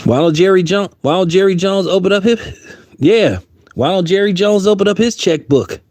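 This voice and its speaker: A man delivers heated, blunt commentary in a slightly high voice, circling back to hammer his points. The sound is dry and close, with no room around it. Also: normal speed, darkish tone, no echo. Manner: heated, blunt, repeats himself for emphasis. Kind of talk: opinionated commentary.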